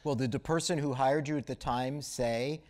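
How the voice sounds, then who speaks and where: A man's voice: mid-range voice, steady tone, normal speed, darkish tone. A man interviewing a guest onstage, asking pointed and teasing questions. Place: auditorium stage before an audience.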